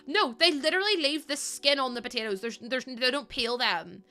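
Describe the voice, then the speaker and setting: A woman's voice: high-pitched, fairly quick, hardly any pauses, bright, forceful tone. A young woman streaming, chatting casually with her viewers and laughing often. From Ireland. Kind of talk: casual live-stream chat.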